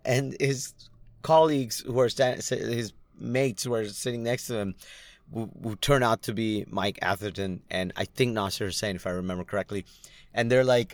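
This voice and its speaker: A man's voice: medium pitch, moderate pace, no room sound. A man casually telling a rambling, self-deprecating story to his viewers, full of restarts and fillers. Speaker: comedy night producer and content creator.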